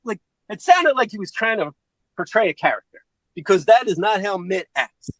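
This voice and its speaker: A man telling a true story on a podcast, animated and acting out the people in it. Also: high-pitched, normal speed, no room sound, poor audio. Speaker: podcast co-host. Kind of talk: casual storytelling.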